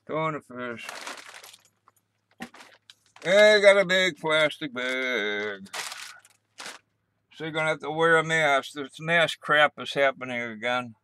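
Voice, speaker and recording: Slow, rambling older man. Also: fairly high pitch, animated, pushed and bright, a little hiss or hum. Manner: repetitive, meandering, gruff with mild cursing. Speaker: livestream host. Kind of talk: rambling casual live chat.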